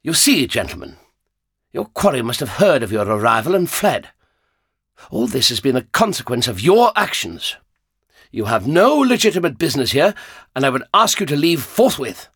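A man's voice: mid-range voice, big pitch swings, normal speed, a bit bright, breathy edge, no echo, clean studio sound, pitched above the performer's own voice, heavily acted. A man voicing an imperious, patrician time traveller who speaks like a movie star addressing extras, theatrical and commanding, for an audiobook. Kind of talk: audiobook narration.

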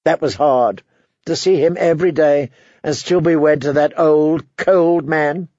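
A man's voice: a little high, measured pace, a little mellow, dry recording, highs cut off. Man voicing a bitter, self-pitying noble aunt.

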